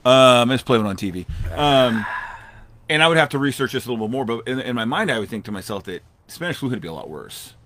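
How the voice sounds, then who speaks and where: A man's voice: medium pitch, lively intonation, fairly bright tone. A man co-hosting a casual podcast chat, talking in an emphatic, rambling way. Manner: rambling, emphatic, fast talker. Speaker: podcast co-host.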